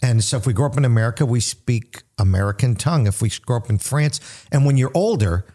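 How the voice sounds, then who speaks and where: A man's voice: mid-range voice, expressive, fast, dark tone. A man hosting a casual radio talk, explaining in a teacherly way.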